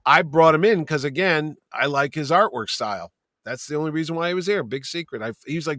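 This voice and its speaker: A man chats casually about running his comic convention, spinning anecdotes and swearing freely. His voice sits a little high. The sound is dry and close, with no room around it. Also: quick pace, dry recording. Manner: storytelling, animated, swears casually. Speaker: convention producer and owner. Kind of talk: casual chat.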